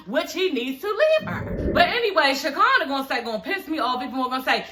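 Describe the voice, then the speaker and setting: Woman, high voice, bright tone, animated profane reaction recap, dental aligners in. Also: fast, hardly any pauses. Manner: animated, profane, talks straight to viewers. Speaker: YouTube reality TV reviewer.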